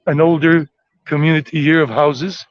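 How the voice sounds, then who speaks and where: A man's voice: on the high side, steady tone, normal speed, dry recording, lo-fi sound. An American man giving a rambling, chatty walking tour outdoors on city streets. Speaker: tour vlogger.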